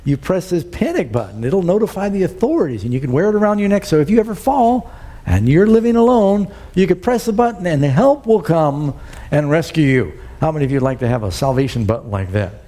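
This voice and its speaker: A man preaches to his congregation, working through scripture and turning to the room with "Amen?". His voice sits a little high but sounds warm and mellow. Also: big pitch swings, a little fast. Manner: preaching with many scripture quotes, asks the crowd "Amen?". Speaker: pastor. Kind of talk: sermon. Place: church with congregation.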